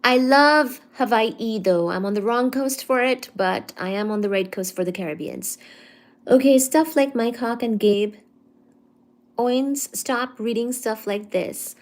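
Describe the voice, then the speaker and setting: A woman hosting a casual live stream, reading viewer comments aloud and teasing back in a careful, clearly articulated way. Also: on the high side, unhurried. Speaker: livestream host.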